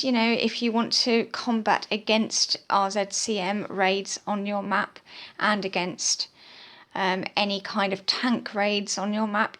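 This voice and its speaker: A woman's voice: fairly high pitch, fairly bright tone. A tired woman giving casual, chatty gameplay commentary to her viewers. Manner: chatty, many fillers, addresses viewers as guys. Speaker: mobile game YouTuber.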